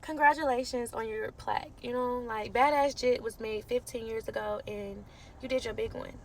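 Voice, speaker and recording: A woman's voice: a little high, fairly even intonation, moderate pace, slight background noise. A woman heatedly calling someone out to camera, sassy and cursing, mocking him as she goes. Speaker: social media creator in a feud.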